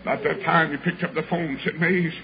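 A man preaching, telling a folksy story and acting out the voices in it, building up to shouts. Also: fairly high pitch, steady tone, fast. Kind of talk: storytelling sermon. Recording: dull lo-fi recording with clear background hiss.

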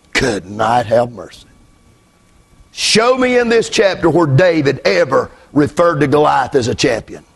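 A middle-aged pastor with a slightly high, gravelly voice and a breathy edge delivers a fiery sermon. He shifts from hushed storytelling to fervent shouting, repeating phrases and calling out amen.

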